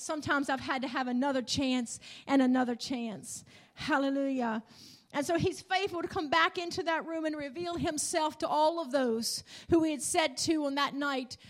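Woman preacher, high voice, emphatic sermon delivery with rising and falling emphasis. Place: church in front of a congregation.

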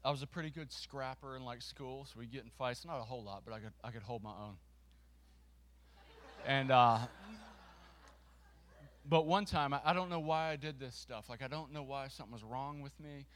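A man preaching to a congregation, telling a funny story with a volunteer on stage, lively and self-mocking. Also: medium pitch, a little hiss or hum. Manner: lively and self-mocking, with quick restarts and laughter.

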